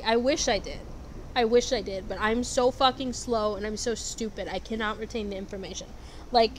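A young woman with a slightly high voice talks through an online quiz in casual vlog style. She is blunt and sarcastic and swears constantly. Steady noise sits behind her voice. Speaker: vlogger. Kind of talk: casual commentary answering quiz questions. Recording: noisy background.

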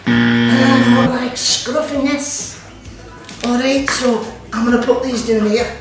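A man's voice: very high-pitched, big pitch swings, takes it slowly. A man with a Scottish accent hosting a casual cooking demonstration, chatty and sprinkling his talk with "all right" and "aye". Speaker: cooking show host. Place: kitchen at an activity centre. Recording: echoey room, mic far off, music behind.

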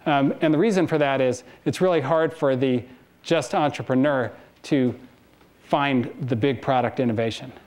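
A man's voice: medium pitch, normal speed, darkish tone. A man in his forties giving a casual conference talk to students, telling anecdotes and laughing between stories. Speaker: guest speaker. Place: lecture hall.

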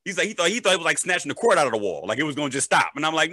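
Bright-voiced joking crypto educator man. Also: on the high side, very fast, few pauses, dry recording. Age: adult, a parent. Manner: animated, joking, checks in with "right?" and "okay?". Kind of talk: casual explainer.

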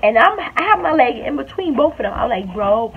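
A woman telling a storytime vlog in an animated, chatty way, repeating phrases for emphasis. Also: high-pitched, brisk, creaky. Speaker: beauty vlogger. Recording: tinny phone-like sound with faint hiss.

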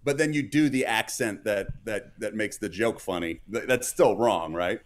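A man's voice: fairly low pitch, normal speed. A man hosting a live stream in casual chat, reading out chat comments and rambling with many fillers and restarts.

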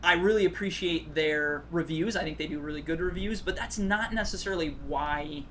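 A man's voice: on the high side, moderate pace, sharp tone, a little hiss or hum. Dry, sarcastic man chatting. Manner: dry, sarcastic humor, many fillers. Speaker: guest, board game blogger. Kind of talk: casual podcast chat.

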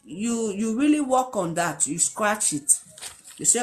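A woman delivers an impassioned moral talk at a mid pitch. She presses each point by repeating words and acts out the pleas of the people she quotes. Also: expressive, a little slow. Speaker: speaker giving life advice.

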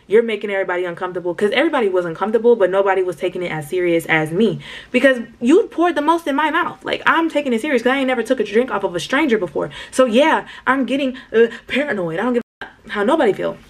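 Talking fast in a voice on the high side, a young woman tells a storytime directly to her viewers as a vlogger. She's animated and slangy, calling her audience "y'all."

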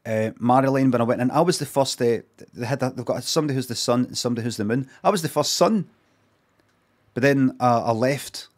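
A man's voice: medium pitch, brisk. A man, chatting casually and swearing while streaming reaction commentary. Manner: chatty, swearing, rambling asides.

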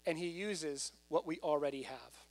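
A male pastor preaches to his church in a conversational but animated way. He often pushes his voice up to loud, emphatic peaks. A faint mains hum sits under the recording. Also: a little high, normal speed. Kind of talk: sermon.

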